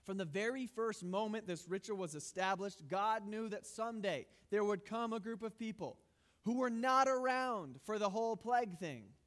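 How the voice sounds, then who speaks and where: A man's voice: high voice, normal speed, a bit bright, long reverb tail. A male pastor giving a sermon in a conversational, emphatic way with light humor.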